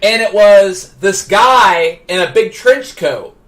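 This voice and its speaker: Streamer, male, high and bright: excitable storyteller who stammers and gets loud. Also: slow pace. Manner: excitable, stammering restarts, builds to shouting. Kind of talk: animated anecdote telling.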